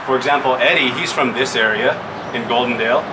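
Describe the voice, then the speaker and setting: A man's voice: mid-range voice, brisk, background noise. A man from the Yakima Valley presents to a group indoors. He patiently asks questions and spells words out letter by letter. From Yakima Valley, Washington. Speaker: language presenter. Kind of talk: teaching a group. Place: indoor room at a public museum event.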